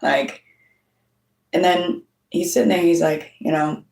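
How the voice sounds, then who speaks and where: A gravelly, lowish voice moves a little slowly as the middle-aged host recounts a story to camera, cursing a lot and quoting others in a blunt, casual monologue. The distant mic leaves her off-mic in a roomy-sounding space.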